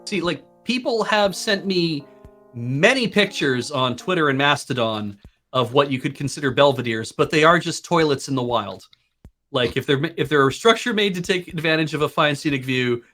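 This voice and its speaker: A man's voice: on the high side, normal speed, soft background music. Rambling man, chatty storyteller. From Canada. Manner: animated storyteller, rambling with fillers. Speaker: stream host. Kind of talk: casual chat.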